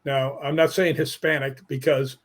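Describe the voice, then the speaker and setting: A man telling stories as a guest on a live online show, animated and laughing as he goes. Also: fairly high pitch, normal speed. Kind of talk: casual storytelling.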